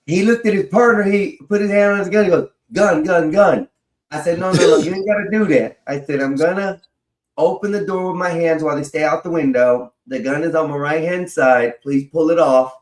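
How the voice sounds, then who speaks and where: A man's voice: on the high side, brisk. A man telling a long personal story in a casual way, swearing freely and laughing as he goes. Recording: roomy echo.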